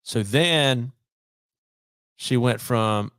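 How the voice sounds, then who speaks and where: A man's voice: mid-range voice, takes it slowly, pauses often, a bit bright, no echo, clean studio sound. A man, a podcast guest telling a long personal story in casual talk, acting out bits of dialogue along the way. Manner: long anecdote with quoted dialogue and many restarts.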